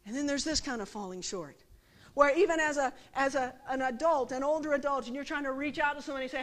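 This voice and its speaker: High-voiced woman preaching conversationally. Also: a little fast, a bit bright. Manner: chatty, asks the listeners rhetorical questions. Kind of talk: conversational sermon.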